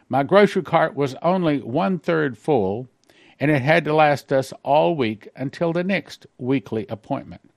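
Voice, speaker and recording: A man pastor reading out a dream account and commenting on it in a sermon, slowing on key phrases and breaking into quick asides. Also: on the high side, dry recording, studio quality. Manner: reads slowly, then comments in a quick aside.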